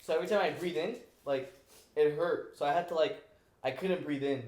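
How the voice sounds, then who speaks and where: A young man chatting casually on a podcast, lively and slangy, laughing as he talks. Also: a little high, fairly quick. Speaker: podcast co-host. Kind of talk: casual chat. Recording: echoey room with faint noise.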